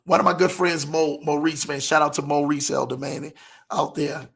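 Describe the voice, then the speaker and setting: A man hosting a motivational talk show, repeating his key points and slowing down to stress them. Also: on the high side, flat delivery, creaky, fairly bright tone. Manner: preachy, repeats key lines, slows for emphasis.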